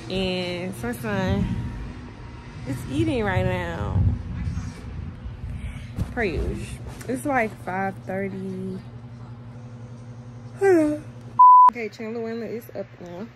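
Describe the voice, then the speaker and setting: Young woman, new mom, casual vlog, slangy, unhurried, lively pitch, phone mic, noisy home recording. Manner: chatty, slangy, lively, addresses viewers as y'all. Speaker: vlogger, new mother. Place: at home, indoors.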